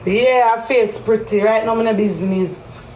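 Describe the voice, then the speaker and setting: A woman with a Jamaican accent on a heated live-stream rant, repeating accusations and breaking into loud outbursts. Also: on the high side, fairly even intonation, moderate pace, echoey room, slight background noise.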